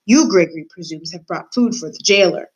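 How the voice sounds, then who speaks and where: A woman doing a gruff old male jailer. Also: on the low side, lively intonation, fairly quick. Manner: speaks of himself by name, gruff.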